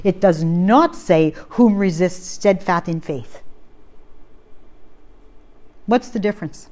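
A woman preaching a sermon, repeating key phrases, asking rhetorical questions and slowing down to read scripture aloud. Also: fairly low pitch, a little mellow.

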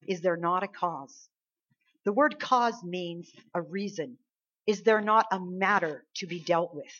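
A woman's voice: medium pitch, a bit bright. A woman preaching a sermon, exhorting her listeners emphatically, with her volume rising and falling. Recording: slightly dull lo-fi recording.

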